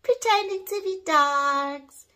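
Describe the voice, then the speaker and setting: A young woman leads toddler speech practice in a high, very slow sing-song. Her voice is bright, and her pitch swoops widely as she stretches each word. She sounds out first letters with careful, exaggerated articulation.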